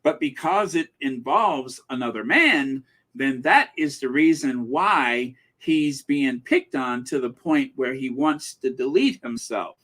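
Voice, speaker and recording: Sarcastic, animated man commentator. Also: mid-range voice, slow, few pauses. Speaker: commentary channel host. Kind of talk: gossip commentary.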